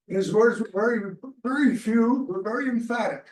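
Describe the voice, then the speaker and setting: Man, high voice, rambling anecdote, quotes people, distant mic, roomy restaurant room. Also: measured pace, a little mellow. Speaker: chapter member telling a story. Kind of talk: casual anecdote to a small group.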